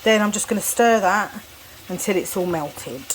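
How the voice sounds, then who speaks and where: A mid-range female voice at a moderate pace belongs to a vlogger cooking in her home kitchen. She chats casually through each step, laughing at herself, as dishes and cutlery clatter in the background.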